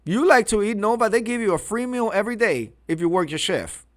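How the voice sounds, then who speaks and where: A man's voice: sits high, lively intonation, fairly quick. A man hosting a reaction commentary, mocking and crude in his remarks. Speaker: commentary host.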